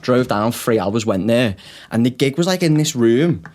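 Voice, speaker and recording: A man's voice: medium pitch, animated, normal speed, a little mellow. A young man, a comedian co-hosting a podcast, telling stories in casual chat, swearing often and laughing through them.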